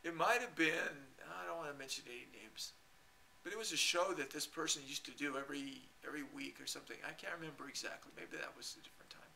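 A man telling a long rambling story to his camera, halting and repeating himself and chuckling often. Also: a little high, creaky, pushed and bright, slight background noise. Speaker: video blogger.

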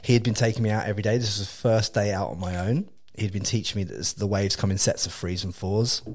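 A man from England with an English accent, hosting a casual chat and telling an animated, laugh-filled story with lots of swearing and restarts. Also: lowish voice, fast talker. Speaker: podcast host.

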